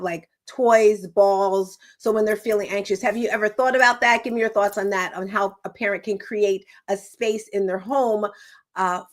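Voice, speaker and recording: An enthusiastic woman hosting a wellness interview, quick to affirm her guest before turning to the next tip. Her voice sits at an ordinary middle pitch. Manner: enthusiastic, affirming, repeats "I love it". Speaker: host.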